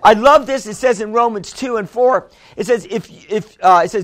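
With few pauses and a moderate pace, this male pastor preaches in a high, fairly bright voice. His sermon uses call-and-response, asking the congregation for amens and repeating phrases to stress them.

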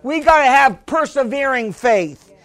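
A man with a strikingly high voice preaching a sermon. He is fervent and rises into shouts, then drops back to a conversational tone, with frequent restarts and calls to the congregation. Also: expressive, measured pace.

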